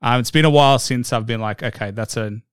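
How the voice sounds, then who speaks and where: An Australian man hosts a casual podcast interview in a smooth, clear voice at a middle pitch. The sound is close and dry, and he rambles cheerfully with plenty of fillers. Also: fast talker, dry recording. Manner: upbeat, rambling with many fillers. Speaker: podcast host.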